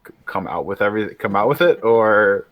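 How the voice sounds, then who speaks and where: A man plays a tabletop game and jokes bluntly with the group. His voice sits a bit low. It is recorded close and dry, with no room sound. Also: expressive, brisk, fairly bright tone, dry recording. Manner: blunt, joking. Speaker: player. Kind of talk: casual tabletop play.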